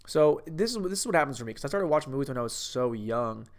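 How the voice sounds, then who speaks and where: A man's voice: mid-range voice, lively intonation, fast. A man in his thirties giving a brash, profane and rambling comedic movie review. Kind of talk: casual comedic rant.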